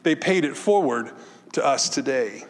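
A man preaching a sermon as pastor, moving between impassioned exhortation and soft, reflective storytelling. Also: mid-range voice, lively intonation, unhurried. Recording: long hall reverb.

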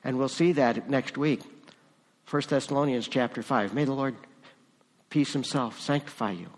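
A man's voice: mid-range voice, normal speed. Man preaching in a reverberant church. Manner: conversational preaching with rising emphasis. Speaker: pastor. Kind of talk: sermon.

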